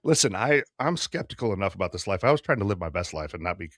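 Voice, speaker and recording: A man in his fifties telling a rowdy story to friends. His pitch swings widely, and he drops into quick impressions of other people along the way. The sound is dry and close, with no room around it. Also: dry recording. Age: 50s. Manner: profane, animated storyteller doing quick voices. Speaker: podcast co-host. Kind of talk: casual storytelling.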